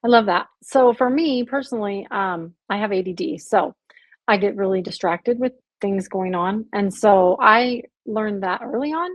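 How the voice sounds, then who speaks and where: A woman guest on a podcast speaks in an earnest, candid and conversational way. Her voice is slightly husky and breathy. She sounds close and dry, with no room echo. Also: medium pitch, moderate pace. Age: adult, married with children. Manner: earnest, candid, heavy use of "like". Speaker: guest, abuse survivor and author.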